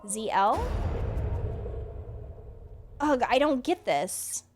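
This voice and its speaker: A young woman streams a horror game live and reacts with jumpy, sweary outbursts and shrieks. Her voice sits somewhat high. Faint game music plays underneath. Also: very animated, very slow.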